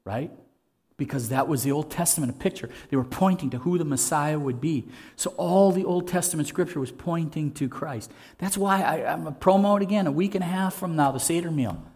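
A pastor preaches a sermon in an earnest, conversational way, putting rhetorical questions to his listeners. His voice is a little high and darkish in tone, and he speaks a little fast.

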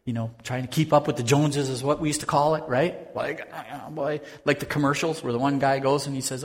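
A man's voice: mid-range voice, steady tone, brisk, few pauses. Man preaching in a reverberant hall. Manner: conversational preaching, swings from loud to hushed. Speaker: pastor. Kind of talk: sermon.

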